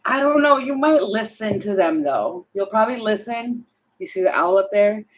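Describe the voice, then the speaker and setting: A woman's voice: medium pitch, animated, normal speed, low-quality recording. A woman doing a casual tarot reading to camera at home, chatty and laughing, talking to herself between cards. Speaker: tarot reader.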